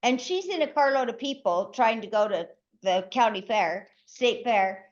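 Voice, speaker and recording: Lively high-voiced woman telling a story. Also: normal speed. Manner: lively, animated storyteller acting out quotes. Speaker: co-host. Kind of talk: casual podcast storytelling. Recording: dull lo-fi podcast audio.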